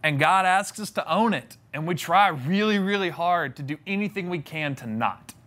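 A man's voice: high-pitched, lively intonation, moderate pace, a bit bright. A young man giving a sermon, conversational and humorous, acting out the voices in the story he retells. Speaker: preacher.

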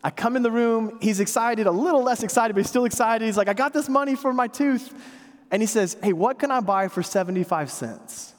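A man's voice: high voice, a little fast, hardly any pauses. A man in his thirties preaching a sermon in a church, telling stories with self-deprecating humor in a conversational way. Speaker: pastor. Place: church sanctuary. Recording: long hall reverb.

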